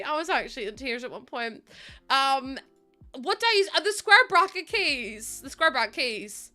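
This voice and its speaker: A young woman streaming, her voice bright and a little high as she rambles from one thought to the next. She laughs a lot and talks loosely over faint game music behind her. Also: very animated, a little slow. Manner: chatty, rambling, laughs often. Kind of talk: casual live-stream chat.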